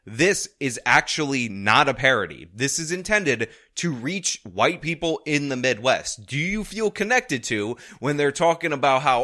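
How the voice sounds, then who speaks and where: A man's voice: mid-range voice, very animated, normal speed, few pauses, pushed and bright. A man giving sarcastic, mocking commentary in a casual video. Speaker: online political commentator.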